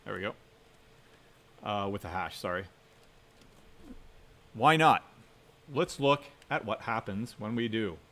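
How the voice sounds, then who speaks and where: A man giving a programming lecture while he codes live. He keeps things conversational and checks in with a quick "right?" after most points. He drives warnings home by repeating them several times. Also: on the low side, animated, a bit bright. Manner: conversational, often adds "right?" as a tag question; emphatic, repeats key warnings. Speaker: university instructor.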